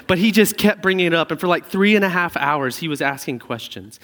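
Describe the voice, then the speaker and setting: A man in his thirties preaching a sermon in a conversational way, telling stories with animated asides. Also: a little high, brisk. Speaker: pastor. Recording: reverberant hall sound.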